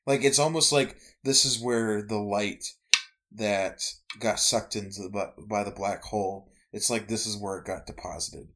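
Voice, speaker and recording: A man narrating as game master of a tabletop game, slow and descriptive with fillers. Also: lowish voice, steady tone, fairly bright tone.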